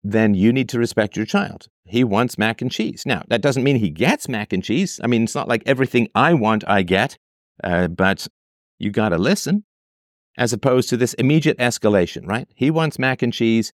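A man hosting a commentary responds to a listener's letter from a parent, speaking expressively at normal speed in a medium pitch. He reads the letter, argues with rhetorical questions, and mocks the voices he quotes, all in clean studio sound with no room sound.

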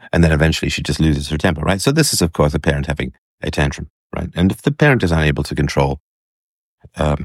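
Very deep-voiced man, dry sardonic commentary. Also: no echo. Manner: hesitant, many fillers, scornful asides. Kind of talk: commentary reading and reacting to an article and a clip.

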